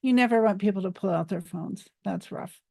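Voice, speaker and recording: A woman coaching public speaking, talking to camera in a playful, animated way and laughing at herself now and then. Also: mid-range voice, a little fast, creaky, no room sound, clean studio sound. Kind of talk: instructional talk to camera.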